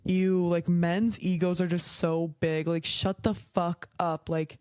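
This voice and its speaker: A woman's voice: on the low side, level tone, slow pace, darkish tone, clean tone, no echo. A young woman hosting a podcast, chatting casually and frankly, heated and swearing often, with a lot of "like". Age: young adult. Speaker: podcast host. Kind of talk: casual chat.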